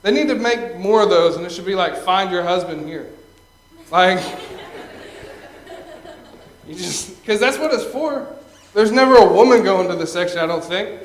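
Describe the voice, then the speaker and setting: A man's voice: sits high, a little hiss or hum. A young man performing a stand-up comedy set, telling stories, tagging lines with "okay?" and laughing at his own jokes. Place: stage at a live venue. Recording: echoey live room.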